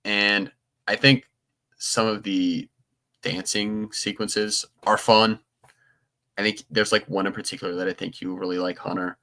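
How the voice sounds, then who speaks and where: A man's voice: on the low side, little pitch movement, a little slow, pushed and bright. A young man co-hosting a podcast, chatting casually and rambling with frequent restarts. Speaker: podcast co-host. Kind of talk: casual chat.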